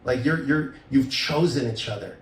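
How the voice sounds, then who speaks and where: A man's voice: mid-range voice, normal speed, distant mic, slight background noise. A middle-aged man, a divorce lawyer, giving relationship advice in casual podcast talk and acting out the voices in his stories. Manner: animated storyteller, acts out quoted voices. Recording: roomy sound, voice a bit off mic.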